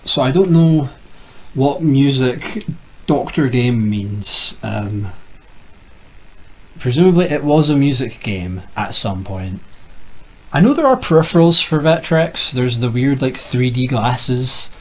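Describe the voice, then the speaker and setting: A man's voice: mid-range voice, animated, slow, poor audio. A young man giving casual, jokey commentary as he plays retro games, rambling and talking to himself. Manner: rambling, jokey, talks to himself while playing. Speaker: retro gaming youtuber.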